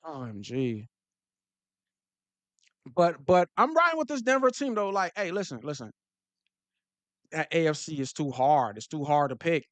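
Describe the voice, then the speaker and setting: Unhurried and pausing often, a slightly high-voiced man riffs about football to his live audience in slang. His casual commentary is animated and full of repeated restarts, and the recording has no room sound.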